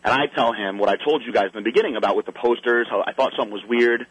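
A husky-voiced man rattles through a story at a quick clip, animated and acting out everyone's lines. His voice sits dry and close, with no room around it. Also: medium pitch, dry recording, rough recording. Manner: animated, acts out the other people's lines. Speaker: guest telling a story. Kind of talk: casual storytelling chat.

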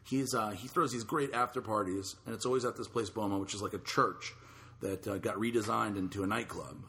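A man's voice: lowish voice, fairly quick, a bit bright. A man hosting a podcast in casual chat, talking in a loose, blunt way with casual swearing. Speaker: podcast host.

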